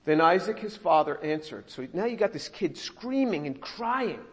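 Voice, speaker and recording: A male pastor giving a sermon, expressive and acting out the scripture he reads. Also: on the high side, moderate pace. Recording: long hall reverb.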